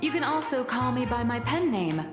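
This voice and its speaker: A woman's voice: high voice, lively intonation, normal speed. A woman playing a smug, theatrical magazine founder in a video game cutscene. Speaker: editor-in-chief. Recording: roomy reverb with game music.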